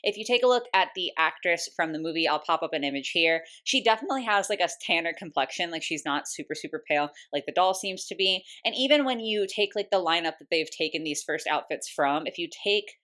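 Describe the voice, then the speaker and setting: A woman's voice: lowish voice, lively intonation, a little fast, hardly any pauses, a bit bright. A young American woman giving a casual, candid doll review, chatty and full of "like" fillers, hiccuping now and then. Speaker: doll collector vlogger. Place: home room.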